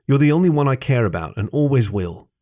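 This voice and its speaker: A man's voice: mid-range voice, animated, brisk, warm tone, pitched above the performer's own voice, natural voice. Man doing a protective young cat guy in a read-aloud story, urgent and caring. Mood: tender. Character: strong young male cat, protective and worried.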